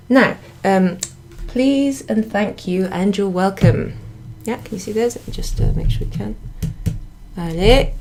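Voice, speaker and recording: A woman's voice: medium pitch, darkish tone, a little hiss or hum. A woman teaching a beginner French lesson in a chatty way, correcting herself and laughing at her own slips. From United Kingdom. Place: indoor room at a pub.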